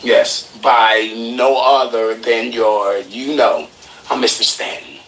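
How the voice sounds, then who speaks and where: A man hosting a podcast, telling a story in an animated, profane way and acting out the people he quotes. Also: mid-range voice, slow. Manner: excitable, profane, acts out quotes. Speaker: podcast host. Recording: roomy echoey room, faint noise.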